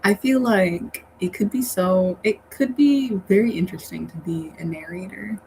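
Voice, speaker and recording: A woman's voice: mid-range voice, moderate pace, darkish tone, rough recording. A woman hosting a casual livestream, chatting with her viewers in a rambling way and laughing often. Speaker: livestream host reading chat. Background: faint fan hum.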